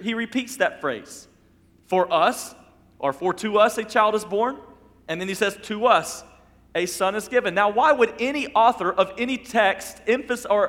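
Preacher guy w a high voice, repeats stuff for emphasis, goes soft n low on the big lines, long church echo. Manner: emphatic preaching with repetition, drops to soft low tones on key phrases. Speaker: pastor. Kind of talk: sermon.

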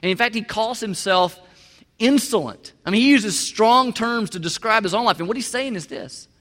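In a reverberant hall, a male pastor with a high, fairly bright voice preaches at normal speed. His sermon feels conversational as he repeats words and acts out quotes.

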